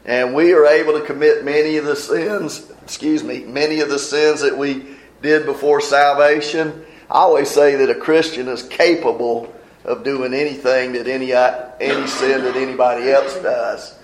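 A man's voice: medium pitch, steady tone, moderate pace, reverberant, rough recording. A man preaching a sermon in a folksy manner, explaining scripture verse by verse. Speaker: pastor.

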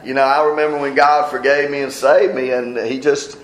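A man's voice: mid-range voice, level tone, normal speed. Folksy male preacher in an echoey room. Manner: folksy, explains scripture verse by verse. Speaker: pastor. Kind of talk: sermon.

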